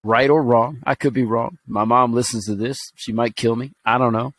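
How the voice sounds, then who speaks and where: A man's voice: medium pitch, fairly even intonation, normal speed, fairly bright tone, no room sound. A man from Alabama telling a personal story on a podcast, earnest and rambling, with fillers and restarts. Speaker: podcast co-host.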